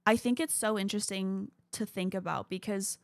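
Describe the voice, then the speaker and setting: A woman's voice: mid-range voice, steady tone, moderate pace, dry recording, studio quality. A young adult woman hosting a podcast, chatting frankly and casually about a film, swearing freely. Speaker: podcast host.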